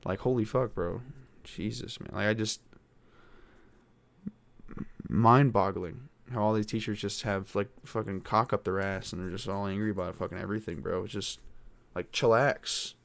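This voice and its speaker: A teenage boy rants alone into his podcast mic, frustrated and rambling, cursing often. His voice sits on the low side, and the sound is dry and close with no room around it. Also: fairly even intonation, normal speed, creaky, no room sound. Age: teens. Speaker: podcast host. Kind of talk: casual venting monologue.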